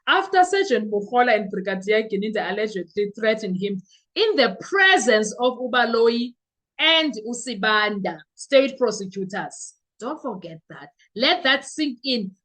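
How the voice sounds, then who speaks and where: Animated, high-voiced woman host. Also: moderate pace. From South Africa. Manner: animated, exclaiming, mixing in isiXhosa/Zulu words. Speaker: podcast host. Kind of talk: casual commentary.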